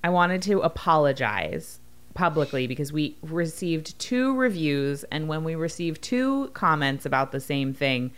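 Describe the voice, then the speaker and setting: A woman's voice: low voice, very animated, a little slow. A woman co-hosting a podcast, talking in a casual, earnest and apologetic way. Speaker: podcast co-host.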